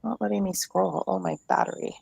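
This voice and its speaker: A woman hosting a livestream in a casual, chatty way, greeting viewers and reading out contact numbers slowly. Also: medium pitch, gravelly, darkish tone, husky, dry recording. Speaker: livestream host. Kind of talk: casual chat.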